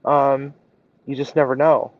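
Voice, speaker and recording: A man's voice: medium pitch, flat delivery, measured pace, highs cut off. A man chatting casually as a guest, hedging loosely with lots of fillers. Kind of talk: casual chat.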